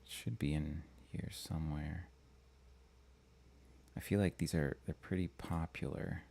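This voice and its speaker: A man from Minnesota hosting a live-stream commentary show, talking in a halting way with frequent restarts and fillers. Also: extremely low pitch, fairly even intonation, creaky, mellow. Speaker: astrology channel host.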